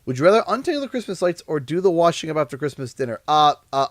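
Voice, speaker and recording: Animated man, lively storytelling. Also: fairly high pitch, fast, hardly any pauses, no room sound, studio quality. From Canada. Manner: laughs at his own jokes. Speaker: streamer. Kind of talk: casual livestream chat.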